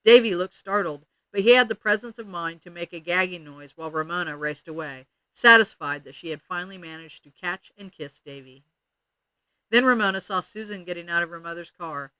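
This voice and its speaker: A man's voice: sits high, a little fast, pushed and bright, clean tone, dry recording. A man expressively reading a children's chapter book aloud. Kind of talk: read-aloud storytelling.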